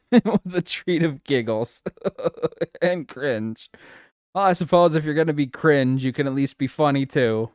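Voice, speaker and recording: A man's voice: on the high side, measured pace, a little mellow, no room sound, clean studio sound. A man streaming live, chatting casually with his viewers, giggling a lot and swearing playfully.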